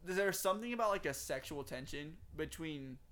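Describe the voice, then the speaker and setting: A young man with a Southern accent, pitched a touch higher than most men. He rambles through a casual story, swearing freely and leaning on "like" all the time. He's from Texas. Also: expressive, moderate pace, fairly bright tone. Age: young adult. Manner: rambling, heavy swearing, lots of "like".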